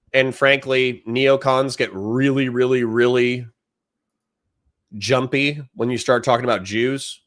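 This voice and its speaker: A man's voice: mid-range voice, fairly bright tone. A man live-streaming commentary on a debate, ranting and swearing in exasperation. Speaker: livestreamer reacting to a debate.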